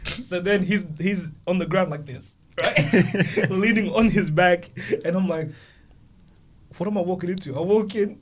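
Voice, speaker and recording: Lively young man telling funny stories. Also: sits high, unhurried, hardly any pauses, crowd noise. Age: 20s. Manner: animated storyteller, acts out voices of kids. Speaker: podcast co-host. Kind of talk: casual storytelling chat.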